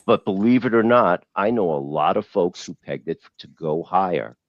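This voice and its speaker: Deep-voiced man in casual collector chat. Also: expressive, moderate pace, no echo, muffled recording. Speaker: comic art collector. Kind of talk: casual panel discussion. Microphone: video call.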